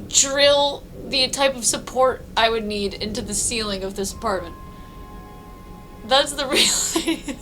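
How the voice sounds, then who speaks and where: A woman with a high, bright voice chats unhurriedly while streaming a game from her apartment. She giggles a lot, swears freely and thinks out loud, with faint music playing behind her. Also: rough recording. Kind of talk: casual live-stream chat while playing. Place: apartment room.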